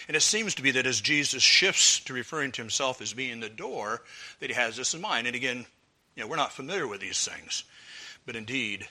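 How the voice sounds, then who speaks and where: Bright, forceful preaching man. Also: medium pitch. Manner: measured, emphatic preaching with pauses and restarts. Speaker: pastor. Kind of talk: expository sermon.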